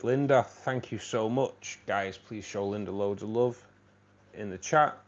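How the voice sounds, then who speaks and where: A man's voice: on the low side, unhurried. A man hosting a live stream, chatting casually and thanking viewers by name. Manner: chatty, thanking viewers by name, laughs at his own jokes. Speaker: livestream host. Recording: slightly dull stream audio with faint noise.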